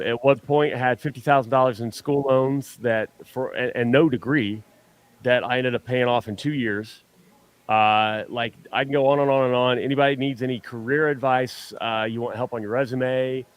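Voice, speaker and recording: A man at an ordinary middle pitch talks in loose, rambling bursts, often stumbling and restarting his sentences. He is self-deprecating and easygoing as a guest on a fan show. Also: smooth. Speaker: superfan guest. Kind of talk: casual chat.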